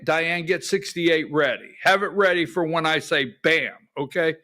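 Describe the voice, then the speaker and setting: A man's voice: a little high, measured pace, hardly any pauses, sharp tone. A middle-aged man hosting a political talk radio show from a studio, folksy and calling on his producer for clips.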